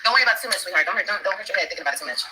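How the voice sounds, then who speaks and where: A woman's voice: mid-range voice, animated, racing. A woman livestreaming outdoors, talking in a defiant, profane way, heard from a distance on a phone mic with faint noise behind her. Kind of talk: livestream talk.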